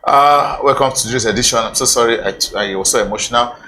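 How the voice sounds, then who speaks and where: A man with a Nigerian accent hosting a TV sports show in a studio, speaking haltingly with many fillers and repeated phrases. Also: medium pitch, pushed and bright, slight background noise, rough recording. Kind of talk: studio discussion, casual.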